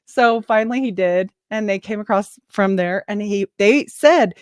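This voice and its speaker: A woman in her forties chats casually as a podcast guest, recorded on a close, dry mic. Her voice sits at a middle pitch. She tells her stories with energy and acts out the lines of the people in them. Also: moderate pace, clean tone, dry recording. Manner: lively storyteller, acts out what others said. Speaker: podcaster and nurse, interview guest. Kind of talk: casual storytelling chat.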